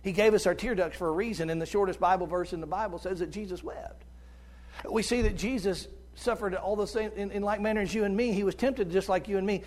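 A middle-aged guest preacher speaks fast in a squeaky tenor, giving an impassioned sermon. His delivery alternates between loud urging and hushed tones.

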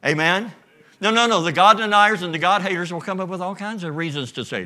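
A man preaching a sermon, telling the story with lively energy and bits of acted dialogue. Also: sits high, fairly quick. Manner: animated storytelling with acted voices. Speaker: pastor.

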